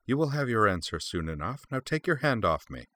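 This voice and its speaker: A sharp, cool alien sorceress, done by a man reading a story. He raises his low voice for her and delivers her lines crisply and forcefully, in a dry, close recording. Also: very animated, fairly quick, no echo.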